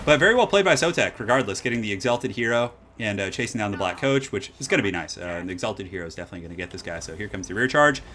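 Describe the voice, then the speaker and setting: A man casting a strategy game match live, moving from calm analysis to loud excited hype. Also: lowish voice, racing, few pauses, slight background noise. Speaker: streamer casting a tournament match.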